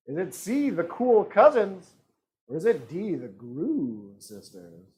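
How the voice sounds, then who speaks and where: A man hosting an online trivia game, reading questions and options in a joking, playful way. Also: fairly high pitch. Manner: joking, reads multiple-choice options with playful voices. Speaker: trivia host. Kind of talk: live-streamed trivia hosting.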